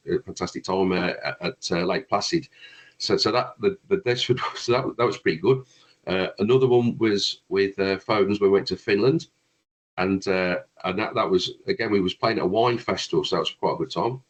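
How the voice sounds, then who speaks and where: A man's voice: low voice, steady tone, normal speed, poor audio. A man, a guest brass player, telling long rambling anecdotes in a casual chat, with frequent restarts.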